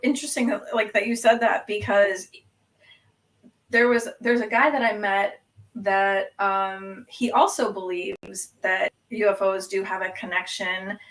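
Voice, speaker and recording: A woman co-hosting a talk show, chatty and animated as she tells stories. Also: medium pitch, measured pace, recorded from a distance, poor audio. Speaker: co-host. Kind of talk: casual conversation.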